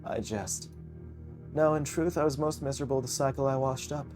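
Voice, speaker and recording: A man voicing a pompous, wistful male character from a visual novel, with a drawn-out, grand delivery. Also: mid-range voice, steady tone, over music, natural voice. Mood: wry. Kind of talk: reading a visual novel aloud.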